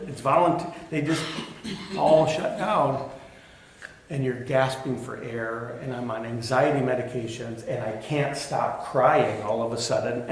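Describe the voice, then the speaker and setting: A middle-aged male pastor giving a sermon, telling a personal story candidly with self-deprecating humor. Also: medium pitch. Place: church sanctuary. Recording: echoey church with faint ambient noise.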